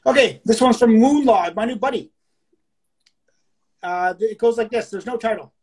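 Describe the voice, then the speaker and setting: A woman co-hosting a casual podcast, talking bluntly with lots of profanity and reading poems aloud slowly. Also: a little high, a little mellow, breathy edge, poor audio. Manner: crude, blunt, profane talk. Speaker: podcast co-host. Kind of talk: casual chat.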